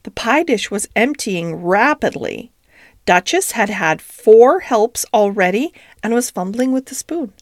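A woman narrating a classic storybook in a gentle, expressive reading. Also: mid-range voice, measured pace, no room sound, clean studio sound.

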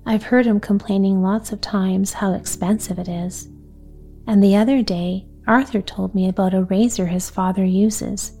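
A woman's voice: mid-range voice, fairly even intonation, mellow, soft background music, lightly acted. A woman reading aloud, voicing a practical little neighborhood girl who talks in a reasonable, coaxing way. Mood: eager. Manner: reasonable, coaxing, quick talk.

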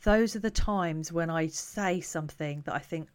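A woman who coaches parents, talking to camera in a calm, reflective, conversational way. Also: deep voice, normal speed.

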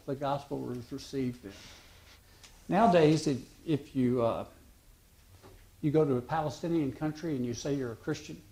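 Male preacher, warm mellow voice, storytelling sermon, halting restarts, voices the dialogue. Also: medium pitch.

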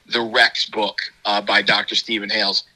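A man co-hosting a podcast in casual chat, easygoing and quick to agree. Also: fairly low pitch, level tone, pushed and bright, husky, rough recording. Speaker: podcast co-host.

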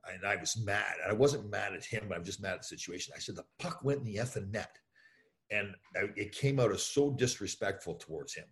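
A former professional hockey player, appearing as a guest in an interview, tells stories in a deep voice and talks fast. His telling is anecdotal and full of fillers, and he performs the voices of the people he quotes.

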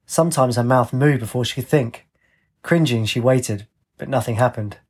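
Husky man narrating a story. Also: mid-range voice, normal speed.

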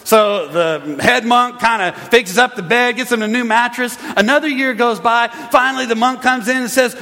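A man preaching a sermon as pastor, animated, acting out grumbling voices for laughs. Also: very high-pitched, fairly quick, few pauses, crowd noise. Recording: long hall reverb.

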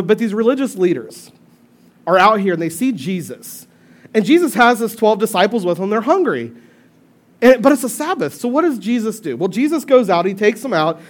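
Man, pastor, high voice, casual joking sermon, storyteller.

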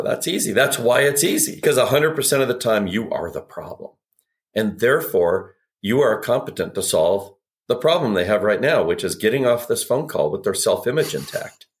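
A man talking as a sales expert on a podcast, telling anecdotes and acting out quoted dialogue with energy. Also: mid-range voice. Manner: animated storyteller, acts out quotes. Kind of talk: podcast conversation.

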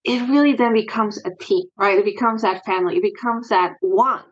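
A woman's voice: mid-range voice, fairly quick, slightly rough, highs cut off. A woman guest talking earnestly and emotionally about her experience as a sports parent in a candid interview.

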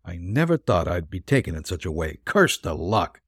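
A man doing a sullen low-life crook. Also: big pitch swings, moderate pace, a bit bright, slightly rough, dry recording, studio quality, heavily acted. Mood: defeated.

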